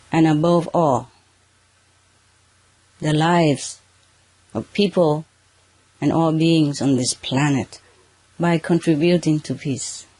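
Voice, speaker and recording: A spiritual teacher addressing a live audience under spotlights, speaking halting, non-native English and often checking in with "okay" and "huh". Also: medium pitch, darkish tone, no echo. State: slightly emotional at moments. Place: under bright spotlights, indoors.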